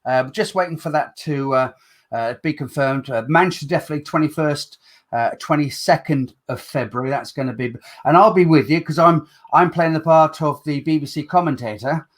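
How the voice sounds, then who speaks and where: Chatty show host, a man with a Black Country accent, slightly high voice, self-deprecating, stumbles now and then. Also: a little fast. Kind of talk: casual chat.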